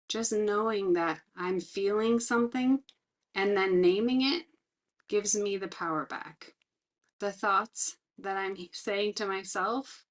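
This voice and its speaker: A middle-aged woman talks earnestly about her own experience while teaching resilience skills. Her voice sits at a middle pitch. She slows down deliberately to lean on the important words. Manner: reflective, earnest, slows down to stress key words. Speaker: resilience trainer. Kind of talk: personal talk with teaching.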